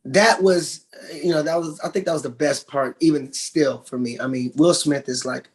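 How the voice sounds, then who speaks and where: A man, an actor guest in a casual interview, telling lively stories, acting out quotes and laughing often. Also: a little high, normal speed. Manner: animated storyteller, acts out quotes, laughs often.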